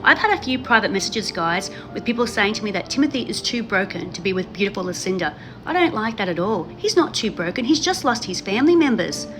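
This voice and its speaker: Fast-talking gushing woman. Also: mid-range voice, lively intonation, over music. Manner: gushing, emphatic, repeats herself. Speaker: reality TV commentary host. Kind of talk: casual chat to camera.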